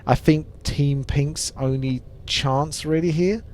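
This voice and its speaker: A man's voice: a little high, fairly even intonation, takes it slowly, darkish tone, slight background noise. A man casting a live strategy game match, chatty and analytical. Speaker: esports caster.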